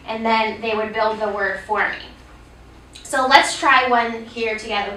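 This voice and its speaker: A woman leads a teacher workshop, walking through a reading lesson patiently and dropping in frequent ums. Her voice is bright and sharp. It reaches the mic from across an echoey room. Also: a little high, steady tone, unhurried, far from the mic. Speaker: reading instruction presenter.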